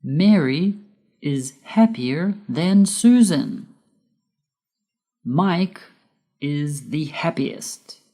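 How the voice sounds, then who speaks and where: A woman giving a scripted English grammar lesson, careful and measured, spelling out letters one by one. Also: sits low, animated, warm tone. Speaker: English teacher.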